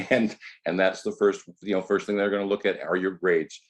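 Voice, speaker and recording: A man's voice: sits low, fairly even intonation, moderate pace. A man hosting a casual talk show, reacting to his co-hosts and passing the conversation along. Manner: conversational, hands the floor to co-hosts. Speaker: podcast host. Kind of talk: casual discussion.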